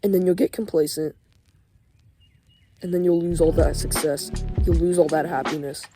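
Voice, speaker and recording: A man's voice: on the high side, steady tone, moderate pace. Young man ranting profanely over music. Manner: profane, emphatic, heavy use of 'like' fillers. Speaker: motivational vlogger. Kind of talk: casual motivational rant. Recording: voice over clear background music.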